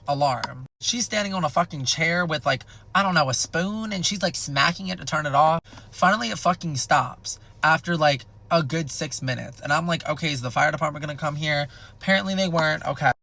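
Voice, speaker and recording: A young man telling a wild personal story in a casual, animated and heavily profane way. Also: fairly high pitch, fairly quick, gravelly. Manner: animated, profane, dramatic retelling.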